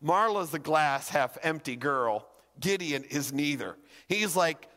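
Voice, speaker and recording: A man preaching a sermon as pastor, acting out voices and swinging between loud and hushed. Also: high-pitched, expressive, moderate pace, few pauses, in a large hall.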